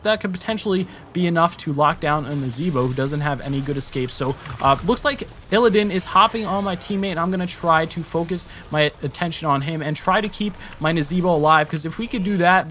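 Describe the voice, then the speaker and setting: Young guy narrating his match, kinda high voice, rambly, faint hiss behind. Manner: rambling, self-correcting, jumps up in excitement at action. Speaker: gameplay commentator. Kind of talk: casual gameplay commentary.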